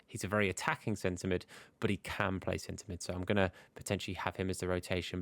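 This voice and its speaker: A young man chats through his football game like a match commentator, hiccuping now and then. His voice sits a little low, and the sound is close and dry. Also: no echo. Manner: chatty, commentator-style play-by-play. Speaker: gaming YouTuber.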